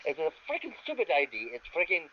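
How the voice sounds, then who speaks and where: Higher-voiced hesitant player man. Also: huge pitch swings, fast talker, muffled recording. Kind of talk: in-character tabletop play.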